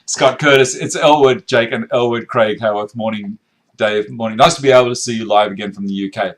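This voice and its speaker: A man's voice: medium pitch, fairly quick. Host read: middle-aged Aussie bloke, easygoing and jokey, running through viewer chat in his workshop. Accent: Australian. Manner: reads viewer comments aloud, chatty and joking. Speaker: woodworking live-stream host. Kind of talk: casual live-stream chat. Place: home woodworking workshop.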